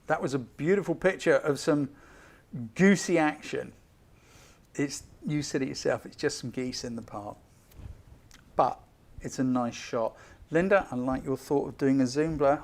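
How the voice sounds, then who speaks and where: Chatty, upbeat male photo critic. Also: medium pitch. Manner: chatty and enthusiastic, hurrying with quick apologies. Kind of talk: live-streamed photo critique.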